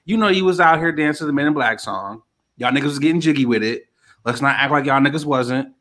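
A man co-hosting a podcast, joking around in loud, profane casual banter. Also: medium pitch, fast talker. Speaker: podcast co-host. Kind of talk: casual chat.

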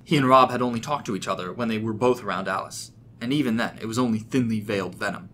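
A man narrating a horror story in a steady, expressive storytelling manner. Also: on the low side, fast, slight background noise.

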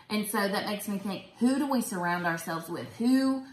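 Woman, casual Bible study host, chatty, enthusiastic, mid-pitched voice, echoey room. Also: expressive, normal speed, few pauses. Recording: roomy echo.

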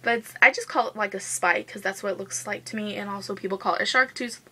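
A young woman chatting quickly and gushingly in a casual favorites vlog, filling her talk with "like" and "guys". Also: medium pitch, fairly even intonation, bright, forceful tone, husky, rough recording. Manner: gushing, fast-talking, says "like" and "guys" a lot. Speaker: beauty vlogger.

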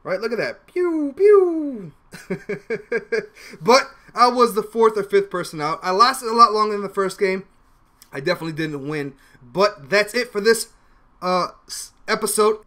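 A young man giving casual, excitable gameplay commentary as a gaming YouTuber, often yelping and laughing. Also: high voice, moderate pace.

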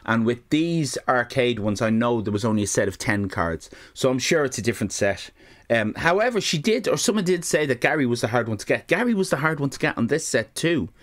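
A man's voice: mid-range voice, expressive, a little fast. A man streaming live, telling a rambling, profane comic story and interrupting himself often.

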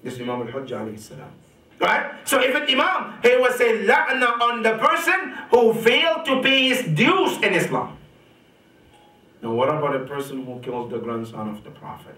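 A man preaching a sermon to a congregation, rising sharply on his main points, dropping low for quotations and often asking "right?". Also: very animated, moderate pace, pushed and bright. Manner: repeats rhetorical "right?" to the congregation. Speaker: sheikh giving a religious lecture. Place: mosque or community center hall. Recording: echoey hall, mic from a distance.

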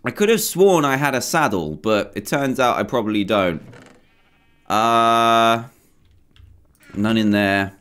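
A young man hosting a gaming video, chatting casually over gameplay, excitable and rambling, with frequent ums and self-corrections. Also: medium pitch, takes it slowly, pauses often, smooth.

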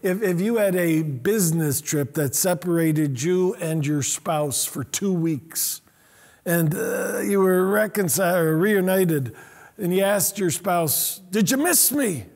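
A middle-aged man preaches a sermon with a high, husky voice. He talks with animation and slips into voices for the quotes he reads. His delivery swings between earnest urging and quieter asides. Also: slow. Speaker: pastor.

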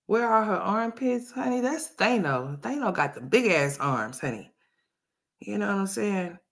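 A woman's voice: medium pitch, big pitch swings, moderate pace. A woman hosting reaction commentary, ranting brashly with profanity and bursts of laughter. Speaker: commentary host.

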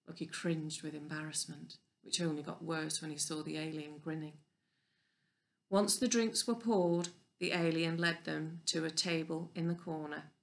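Low, gravelly woman reading a story. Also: steady tone, normal speed. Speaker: audiobook reader. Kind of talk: storybook narration.

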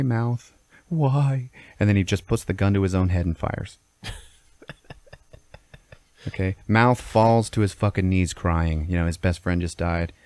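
A man with a very low voice tells a story on a podcast in a casual, profane way. He keeps stopping to check in with "okay?" and "all right?". The sound is dry and close. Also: a little mellow, no echo. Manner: swears constantly, checks in with "okay?". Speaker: podcast host telling a story. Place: podcast studio.

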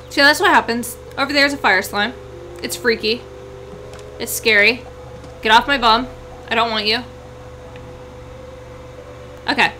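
Woman doing let's play commentary, chatty n excitable, kinda high bright voice. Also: slow pace, pauses often, a little hiss or hum, rough recording. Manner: chatty, excitable, bursts into squeals. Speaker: gaming channel host.

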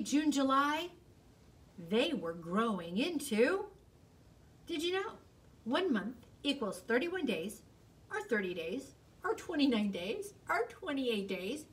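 A woman reading her picture book aloud in an expressive, sing-song, teacherly way, with fun facts in between. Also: on the high side, distant mic.

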